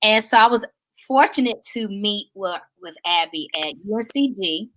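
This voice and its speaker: Bright-voiced Southern woman hosting. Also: mid-range voice, expressive, normal speed, low-quality recording. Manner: chatty, laughing, playful. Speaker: talk show host. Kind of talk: casual chat.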